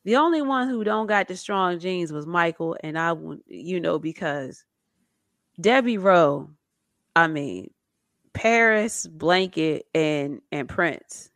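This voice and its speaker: Low-voiced woman chatting about a documentary. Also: slow, no room sound. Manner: animated storytelling with acted-out quotes. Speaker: podcast co-host. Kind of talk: casual chat about a documentary.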